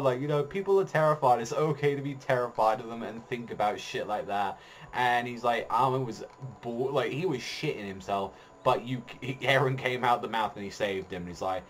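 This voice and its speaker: A man's voice: medium pitch, normal speed, a little hiss or hum. A man giving a casual spoken manga review, rambling with heavy swearing and lots of fillers.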